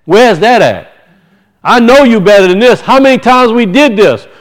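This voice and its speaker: A man's voice: high-pitched, lively intonation, moderate pace, pitched above the performer's own voice, low-quality recording. A man voicing an anxious young son who keeps pressing his father with urgent, repeated questions. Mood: anxious, puzzled.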